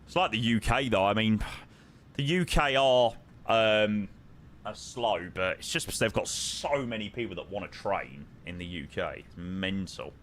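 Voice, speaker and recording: A young man with a fairly low, slightly bright voice streams a flight sim at a moderate pace, with slight background noise. He chats casually and jokes with viewers, even singing along to the music.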